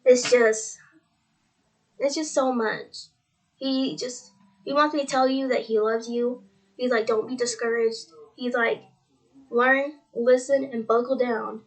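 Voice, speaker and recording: A seventeen-year-old girl talking earnestly in a faith vlog, rambling and tearful, often quoting with "he's like". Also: high-pitched. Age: teens. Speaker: religious vlogger.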